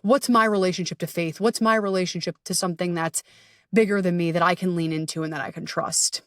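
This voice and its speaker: A woman's voice: lowish voice, fairly even intonation, a little fast, no echo, clean studio sound, far from the mic. A woman hosting a solo podcast and working as a coach, talking candidly and with energy, swearing freely and acting out bits of inner dialogue. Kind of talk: casual solo podcast talk.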